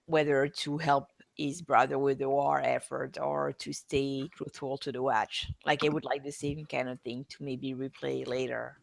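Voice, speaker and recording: Woman co-host, gravelly tone, dry home mic, halting casual talk. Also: a bass voice, little pitch movement, no echo. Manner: halting, full of fillers and restarts. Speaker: podcast co-host. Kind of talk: casual podcast discussion. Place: home room.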